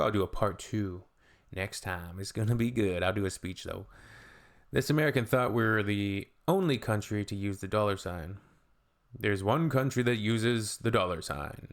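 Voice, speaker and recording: Man, middle-aged, from Canada, reaction video host, reads posts aloud, dry sarcastic remarks, lowish voice. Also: moderate pace. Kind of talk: casual reaction commentary.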